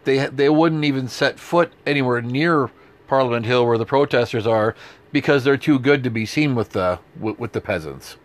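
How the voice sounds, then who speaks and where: This is a man co-hosting a political chat show, from Canada. He argues his points emphatically, with sarcastic jabs thrown in. His voice sits at an ordinary middle pitch. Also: moderate pace. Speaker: podcast co-host. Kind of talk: opinionated political talk.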